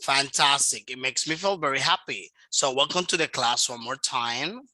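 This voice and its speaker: A woman teaching English to a child over a video call, speaking slowly and patiently and modelling each word's pronunciation. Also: a bass voice, sharp tone, no room sound, poor audio. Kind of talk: online class with a child.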